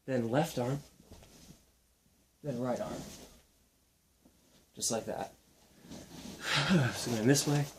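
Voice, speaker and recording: A young man explaining and demonstrating ab exercises in a casual, relaxed way while counting reps aloud. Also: medium pitch, slight background noise. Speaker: fitness instructor.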